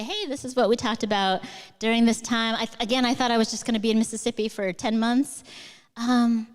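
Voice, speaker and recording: A middle-aged woman with a fairly high, smooth, resonant voice talks onstage to a live audience. She rambles with warm enthusiasm and many fillers, and her voice carries a long hall reverb. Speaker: guest author.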